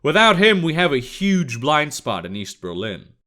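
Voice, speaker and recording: A man's voice: on the high side, big pitch swings, normal speed, bright, forceful tone. A man voicing an earnest male American intelligence agent who talks plainly and gets straight to the point. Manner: direct, earnest.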